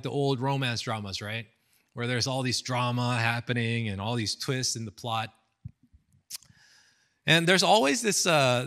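A pastor speaking at a youth seminar in a casual, chatty way, repeating words, using fillers and acting out stories. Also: male voice, mid-range voice, fairly bright tone. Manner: storytelling, acts out quotes.

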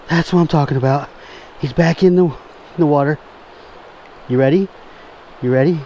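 A man vlogging his fishing outdoors by a stream, exuberant and repeating himself with excitement. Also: on the high side, moderate pace, long pauses, muffled recording. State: out of breath. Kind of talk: excited outdoor vlog narration. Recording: faint stream noise outdoors.

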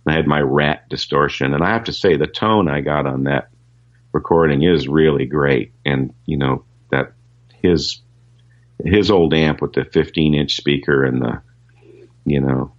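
A man's voice: rumbling low, a little slow, muffled recording. A man, a session guitarist, telling anecdotes in a casual interview, rambling with lots of fillers and restarts.

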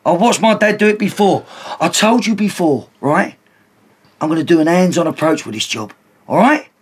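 An actor playing a brash young record label boss who talks bossy and defensive. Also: male voice, high voice, expressive, moderate pace, breathy edge.

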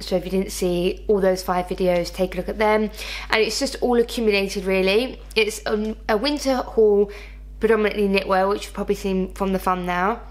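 A woman's voice: medium pitch, rough recording. A woman with a noticeable lisp, chatting self-consciously through a casual fashion haul video. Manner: chatty, self-conscious about her speech. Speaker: fashion YouTuber. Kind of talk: casual haul vlog chat.

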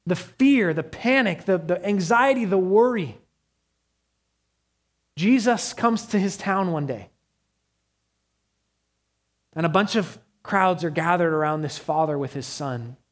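Earnest male preacher, soft to urgent. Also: sits high, lively intonation, slow pace, pauses often. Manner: earnest, swings between soft hushed passages and raised urgent ones. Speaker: pastor. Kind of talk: sermon.

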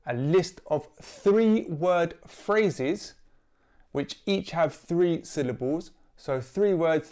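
A man, a poet leading a friendly, upbeat rhyming warm-up for young writers, explaining each task clearly. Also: fairly high pitch. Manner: upbeat, clear teacher-like explanations with example rhymes. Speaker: poet and workshop leader. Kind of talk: instructional video for young writers.

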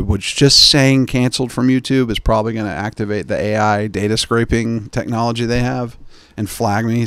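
A man hosting a podcast, telling jokey, digressive stories and slipping into quick impressions of the people he quotes. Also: fairly low pitch, clean tone, dry recording, clean studio sound. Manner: digressive, joking, mimics people in quoted asides. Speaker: podcast host. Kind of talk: rambling comedic podcast chat.

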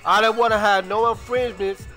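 A young man from Chicago, with the local accent, chats casually on his stream in slangy, profane talk packed with drawled repetitions. His voice sits high, steady, a little fast, pushed and bright, with faint music behind him.

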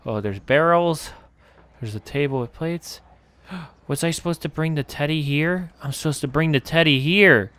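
Here a gaming host narrates his own horror playthrough, easily spooked and cursing freely as he talks to himself. The voice is a little high, unhurried and smooth, a bit bright, with many pauses on a dry recording.

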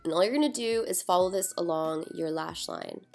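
Fairly quick, low and creaky with a darkish tone, this young woman walks through her makeup routine step by step, sleepy from just waking up and poking fun at herself. Soft music plays in the background.

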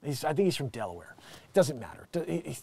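Animated male comedy host, dry sound. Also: medium pitch, fast, creaky, slightly rough, dry recording. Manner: rambling, jokey, jumps between loud and muttered asides. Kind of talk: riffing comedy commentary on news.

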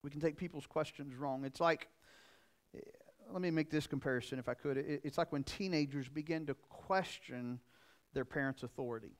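A middle-aged man pastor preaching a sermon, earnest and repetitive, swinging from loud emphasis to quiet asides. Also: fairly high pitch.

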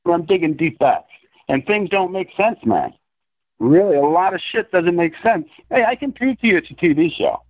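High-voiced man ranting down a phone line. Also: big pitch swings, moderate pace. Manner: profane, rambling rant. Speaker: guest. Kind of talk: phone-in interview.

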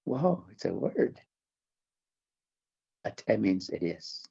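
A man from the Navajo Nation, older, giving an earnest religious testimony in an interview, halting and restarting his words. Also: on the low side, sing-song, dark tone, highs cut off. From Navajo Nation, American Southwest. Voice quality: gravelly, husky. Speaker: interview guest.

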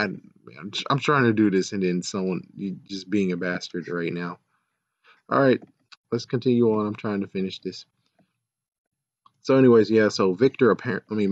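A man with a fairly low voice rambles through a show recap, sarcastic and exasperated, swearing now and then. The sound is dull and lo-fi, with a dry, close feel and no room around it. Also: moderate pace, no echo. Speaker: show reviewer. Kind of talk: casual episode recap and review.

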